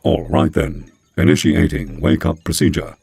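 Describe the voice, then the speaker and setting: A sardonic talking computer from a storybook, as a man puts it on in a flat, dull drone. The voice is gravelly and a little husky, with deadpan delivery. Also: very deep voice, normal speed, faint music behind, pitched below the performer's own voice, exaggerated voice.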